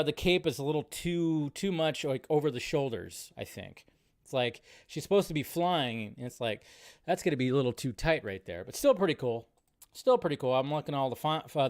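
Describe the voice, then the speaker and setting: Male host, high voice, exasperated ranting movie news commentary on a live stream. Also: clean tone. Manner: ranting, exasperated, talks to viewers.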